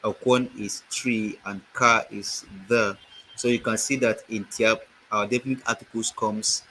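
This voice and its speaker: Nigerian male teacher, low, sharp-edged voice, deliberate explanations, video-call mic. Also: slight background noise, poor audio. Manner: slow, explanatory, repeats words for emphasis. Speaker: language teacher. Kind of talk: online lecture with slides. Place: home setup, online meeting. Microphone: computer mic on a video call.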